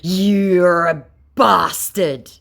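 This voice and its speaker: A woman reading out a rude male online scammer's messages in a slow, drawn-out mocking voice. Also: mid-range voice, big pitch swings, fairly bright tone, voice pushed up. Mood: sneering.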